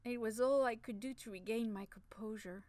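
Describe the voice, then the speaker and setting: A woman narrates a first-person audiobook in a soft, measured, intimate way. Her voice sits a little high and is recorded close and dry, with no room echo.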